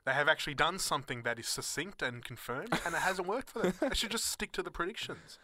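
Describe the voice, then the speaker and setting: A bright, forward-sounding man co-hosts a laid-back talk show. He jokes and rambles, leaning on fillers as he goes. The recording is dry and close. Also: a little high, quick pace, dry recording. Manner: jokey, rambling, many fillers. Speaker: co-host. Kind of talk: casual chat.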